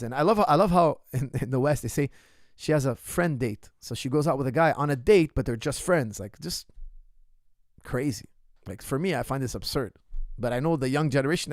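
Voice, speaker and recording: A male coach holds forth in a Q&A monologue, blunt and emphatic, hammering the same point home and talking to the viewer directly. His voice sits a little high with a gravelly, creaky edge, recorded close and dry. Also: darkish tone, dry recording. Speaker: martial arts coach. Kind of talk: ask-me-anything Q&A monologue.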